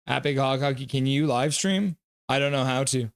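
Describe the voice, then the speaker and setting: Guy doing a live hockey reaction stream, reads chat out loud, throws in play-by-play. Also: mid-range voice, moderate pace, clean tone. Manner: reads viewer chat aloud by name, mixed with loose play-by-play.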